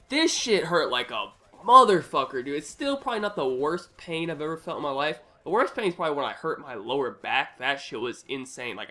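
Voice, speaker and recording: A young man telling a story in casual, profane talk, often adding "right?" to his sentences. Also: a little high. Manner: profane, animated, frequent "right?" tags.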